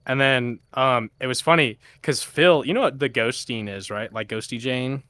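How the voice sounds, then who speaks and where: A young man telling stories in casual chat. He swears a lot and acts out quoted people in a much higher voice. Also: moderate pace, a bit bright. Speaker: podcast guest, VR DJ.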